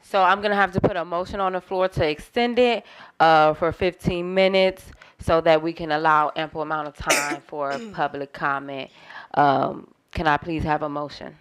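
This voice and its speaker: A woman's voice: low-pitched, steady tone, normal speed, smooth. A woman chairing a community meeting in a businesslike manner, calling motions and a roll-call vote.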